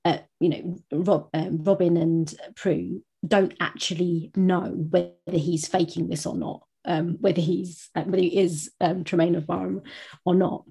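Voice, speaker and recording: A woman co-hosting a book podcast, talking casually and hesitantly with many pauses to think. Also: fairly low pitch, fairly even intonation, gravelly, dark tone, slightly rough. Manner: hesitant, many fillers, laughs often. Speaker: podcast co-host.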